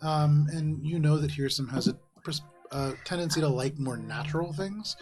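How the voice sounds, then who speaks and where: A man narrating a fantasy tabletop game as game master, relaxed and chuckling between descriptions. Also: fairly high pitch, moderate pace, faint music behind. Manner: relaxed, with frequent ums and laughs.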